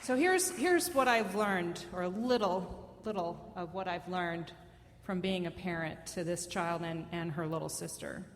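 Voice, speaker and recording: A woman's voice: lowish voice, unhurried, long reverb tail, a little hiss or hum. A woman in her fifties telling a personal story live on stage, conversational, wry and self-mocking.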